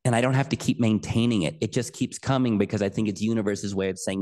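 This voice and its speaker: A man speaking as a podcast guest, earnest and emphatic as he tells a personal story. His delivery is lively, and he leans into key words. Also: on the low side, fast talker. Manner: earnest, emphatic, animated retelling.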